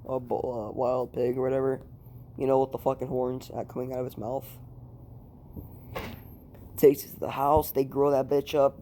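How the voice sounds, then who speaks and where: In a room at home, a man with a warm, medium-pitched voice rambles through a casual retelling of a fan story. He swears and leans on lots of fillers, and there's a little hiss or hum on the audio.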